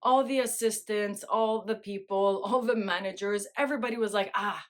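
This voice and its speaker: A woman's voice: mid-range voice, steady tone, moderate pace. A middle-aged woman hosting a casual monologue, chatty, often laughing and checking in with "right?". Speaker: host.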